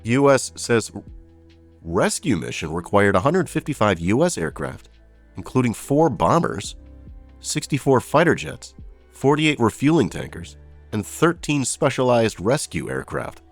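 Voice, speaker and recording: A man's voice: mid-range voice, sing-song, a little slow, soft background music. A man hosting a casual news commentary, reading headlines with sarcastic, incredulous asides.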